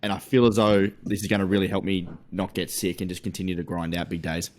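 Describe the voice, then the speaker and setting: Fast-talking low-voiced man. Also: flat delivery, darkish tone. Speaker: podcast co-host. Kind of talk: casual chat.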